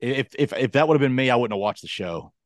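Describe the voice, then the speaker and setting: A man's voice: medium pitch, expressive, fast, no echo. A man co-hosting a casual chat, rambling and self-deprecating, acting out quotes in a raised voice. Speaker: podcast co-host.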